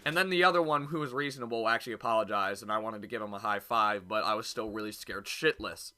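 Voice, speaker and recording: Bright-voiced young man telling a story. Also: fairly low pitch, fast talker. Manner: animated, profane, acts out quoted voices. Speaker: YouTube vlogger. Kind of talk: casual storytelling vlog.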